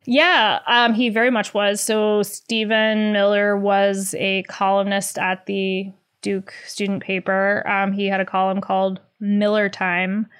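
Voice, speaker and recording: A woman journalist in her thirties being interviewed, talking in a lively way with many fillers and sarcastic laughs. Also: medium pitch, unhurried, few pauses, smooth. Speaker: journalist guest. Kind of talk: conversational interview.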